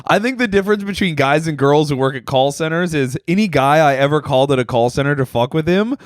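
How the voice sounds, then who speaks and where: A man's voice: fairly high pitch, fast, no echo, clean studio sound. A man in his thirties co-hosting a comedy podcast, chatting casually with frequent swearing and laughter. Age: 30s. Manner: animated, profane, laughs often. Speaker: podcast co-host.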